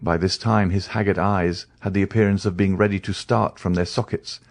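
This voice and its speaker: A man narrating an audiobook in an even, measured reading. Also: deep voice, creaky, no echo.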